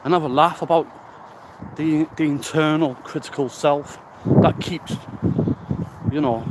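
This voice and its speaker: A recovery vlogger walks outdoors talking into a handheld phone, out of breath, rambling bluntly with casual swearing. His voice is a little high, with fairly even intonation, an unhurried pace, and long pauses. Wind and birds come through as outdoor noise.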